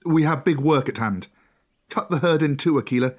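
A man's voice: a little high, normal speed, natural voice. A man voicing a bold boy raised by wolves, calling out eager commands. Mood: commanding.

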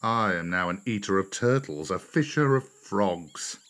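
A man's voice: deep voice, expressive, unhurried, a bit bright. A man voicing a proud male black panther in a storybook reading, dry and scornful in manner. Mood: wry.

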